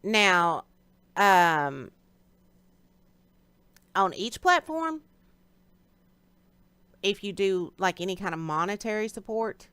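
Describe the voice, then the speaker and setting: A woman's voice: medium pitch, expressive, slow pace, pauses often, pushed and bright, clear, resonant tone, no room sound. A woman hosting a live stream in a casual, chatty way, greeting viewers by name and answering them directly. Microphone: streaming setup.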